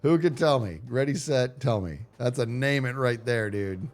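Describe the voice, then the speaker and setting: A man livestreaming a game, talking casually to his viewers in a lively voice that swings widely in pitch. He chats on loosely and yells playfully at enemies on screen, with soft music running underneath. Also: moderate pace, few pauses. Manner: chatty and animated, yelling playfully at enemies. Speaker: video game streamer. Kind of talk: casual live gameplay commentary.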